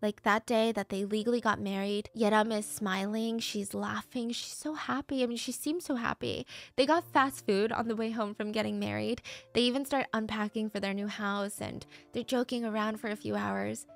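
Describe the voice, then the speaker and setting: A woman's voice: medium pitch, fairly even intonation, normal speed, vocal fry. A woman host narrating a true crime case in a conversational, emotionally invested way.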